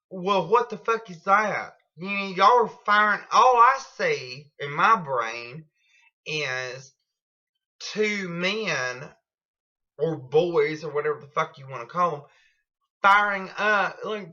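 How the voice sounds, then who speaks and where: A woman's voice: on the low side, sharp tone, dull audio. A woman telling a rambling story at home in a blunt, profane, casual way. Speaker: vlogger.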